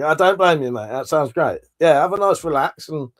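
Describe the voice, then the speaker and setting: Animated and fairly quick, with a fairly high voice and little pausing, a man hosts a livestream. He reads out comments and rambles casually, swearing from time to time.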